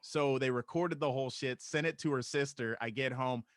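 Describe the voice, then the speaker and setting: A man's voice: mid-range voice, normal speed, no room sound, clean studio sound. A young adult man, a stand-up comedian, telling a loose, profane story on a casual podcast. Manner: loose, profane, laughs through his story.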